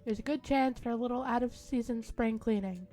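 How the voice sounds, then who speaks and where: A woman reading a visual novel's narration aloud in a hushed, dramatic way during a casual let's-play, with faint music behind her. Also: on the high side, brisk.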